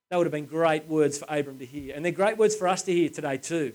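Man, bible teaching, casual and earnest, slightly higher voice. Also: fast, few pauses, a little mellow. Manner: earnest, conversational, restarts often.

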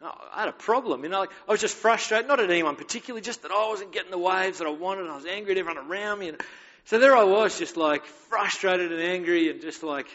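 A man's voice: high voice, quick pace, fairly bright tone. A man preaching a sermon as pastor, candid and conversational, telling stories with self-mocking humor. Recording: dull echoey hall recording.

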